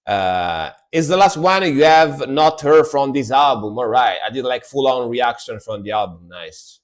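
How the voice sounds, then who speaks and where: Slow, easygoing male music streamer. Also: medium pitch, expressive. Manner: laid-back, repeats words for emphasis. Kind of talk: casual live-stream music commentary.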